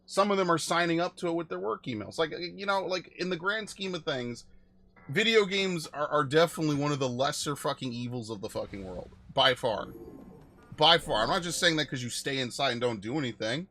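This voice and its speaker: Bright-voiced man rambling over a game stream. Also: a little high, fairly quick. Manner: rambling, profane, chatty asides. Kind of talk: casual gameplay commentary.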